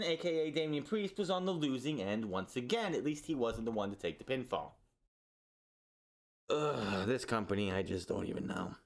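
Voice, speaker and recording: A man reviewing a wrestling show in a casual, exasperated, sarcastic rant full of restarts. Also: on the high side.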